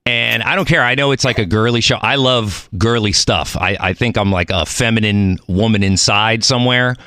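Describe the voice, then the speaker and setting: A man hosting a podcast, telling stories in a chatty, animated, playful way. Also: lowish voice, moderate pace, dry recording, studio quality. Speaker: podcast host. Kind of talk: casual chat.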